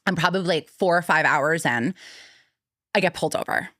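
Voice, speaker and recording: A young woman tells a story on a casual podcast. She talks animatedly and jumps up high when she acts out what people said. Her voice is recorded close and dry. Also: fairly quick, no room sound. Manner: animated storyteller acting out quotes in a high excited voice. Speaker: podcast co-host.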